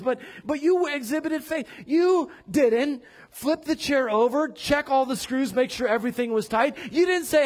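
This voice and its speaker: A man preaching a sermon as pastor in a church, animated, acting out quoted voices and rising to loud declarations. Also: very high voice, normal speed, hardly any pauses. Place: church sanctuary.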